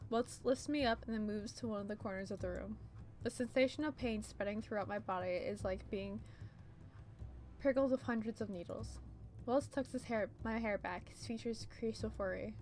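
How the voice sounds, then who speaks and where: A woman streamer reading a visual novel aloud in first person, with steady storytelling narration and small slips. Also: medium pitch, normal speed. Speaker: let's play streamer.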